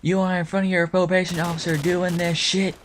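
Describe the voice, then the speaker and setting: A man voicing a furious mother who yells and curses at her teenage daughter, over loud game gunfire. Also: sits high, flat delivery, fairly quick, noisy background, voice pushed up, lightly acted. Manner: yelling, cursing. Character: furious screaming mother of a teen girl. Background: video game gunfire.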